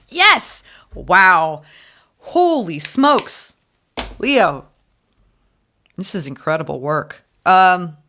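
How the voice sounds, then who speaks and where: A woman giving a spoken tarot reading, gushing and emphatic, often repeating words and filling pauses. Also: low-pitched, fairly bright tone. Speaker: tarot reader.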